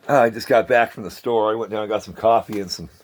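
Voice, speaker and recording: A middle-aged man talking to the camera in a rambling casual vlog, chatty and meandering, with grumbling asides. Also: fairly low pitch. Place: outdoors near a dumpster.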